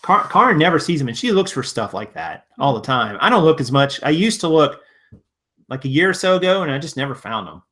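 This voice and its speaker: A man's voice: a little high, big pitch swings, brisk, bright, forceful tone. A man from Virginia hosting a casual live stream, answering viewer comments in a rambling, conversational way full of restarts. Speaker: live-stream host and reseller.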